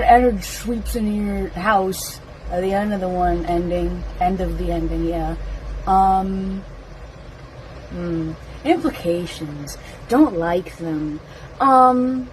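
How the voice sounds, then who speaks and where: A young adult woman talking casually as a fan vlogger, rambling and excitable, with lots of fillers and giggles. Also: on the low side, slight background noise, poor audio. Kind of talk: casual rambling first-impressions talk.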